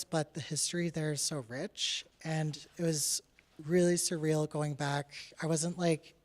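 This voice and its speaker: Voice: mid-range voice, steady tone, unhurried, a little mellow. A young adult artist from Canada giving a casual presentation about their own work, talking candidly with many "like" and "uh" fillers and laughing now and then. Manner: candid and chatty, with frequent "like" and "uh" fillers.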